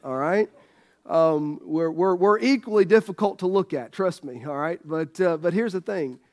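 High-voiced folksy preacher man. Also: moderate pace. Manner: folksy, joking with congregation. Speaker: pastor. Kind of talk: sermon. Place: church sanctuary.

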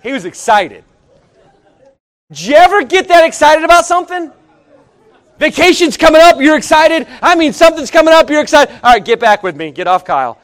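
A man with a strikingly high voice preaches in a folksy manner. He tells a joking, animated story to his congregation. His delivery swings from quiet asides to near-shouts. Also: a little fast, a faint crowd. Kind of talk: sermon with storytelling.

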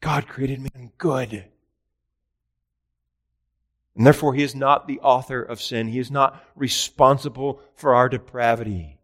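A man preaching a catechism sermon with earnest, emphatic delivery, raising his voice for rhetorical questions and slowing down on key phrases. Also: fairly even intonation, fairly bright tone. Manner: earnest preaching, rising in pitch and volume for emphasis. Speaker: pastor.

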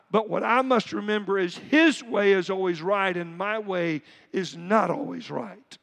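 A male pastor preaches in a church sanctuary, his voice unusually high with a gravelly edge. He keeps it conversational, slipping into everyday quotes. The sound carries a long reverb from the hall. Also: moderate pace, few pauses, a bit bright. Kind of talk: sermon.

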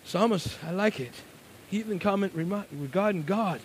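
A man preaching a sermon, moving between quiet, conversational asides and loud, emphatic declarations. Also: sits high, normal speed, slight background noise, poor audio.

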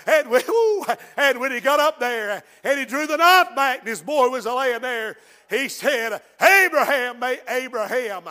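Preacher guy, really high bright voice, slow drawn-out delivery, big echoey church. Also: expressive. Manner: fervent preaching, swings from hushed to shouted. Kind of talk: sermon. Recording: long reverb in a large hall.

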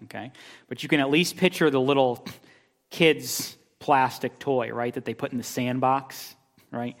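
A man preaching an expository sermon, emphatic, with rhetorical questions and repeated phrases. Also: mid-range voice. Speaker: pastor. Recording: long reverb of a large hall.

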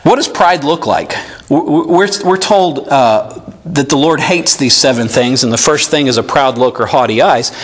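A man's voice: medium pitch, normal speed, breathy edge. Man preaching an earnest sermon. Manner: earnest preaching, animated, reads scripture aloud. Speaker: pastor. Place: church sanctuary.

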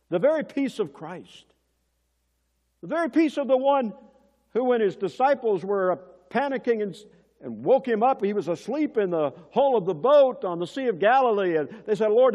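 A male preacher delivering a sermon, swinging between loud emphasis and hushed moments, and asking the congregation questions like a teacher. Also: high-pitched. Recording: dull sound, long church reverb.

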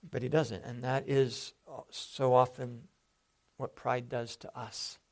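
A man's voice: mid-range voice, level tone, takes it slowly. A man preaching a sermon in an earnest, conversational way, often restarting his sentences.

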